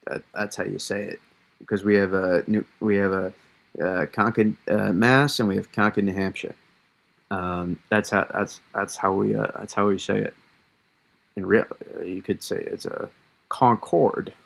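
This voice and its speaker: A man with a Massachusetts accent hosting a casual live weather analysis, thinking aloud in a halting way with many fillers. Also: deep voice, gravelly, a bit bright. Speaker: weather stream host.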